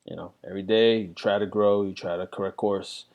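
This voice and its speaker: A man's voice: lowish voice, steady tone, brisk, highs cut off. A middle-aged man reflecting candidly in a rambling casual monologue, full of fillers. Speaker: vlogger.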